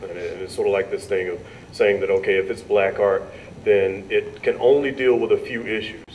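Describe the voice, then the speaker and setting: A man's voice: fairly low pitch, fairly even intonation, fairly quick, darkish tone, highs cut off. A man on a panel, an artist who teaches art, speaking hesitantly and often stopping to rephrase. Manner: hesitant, many fillers and restarts. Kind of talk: panel talk. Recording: distant mic, faint hum.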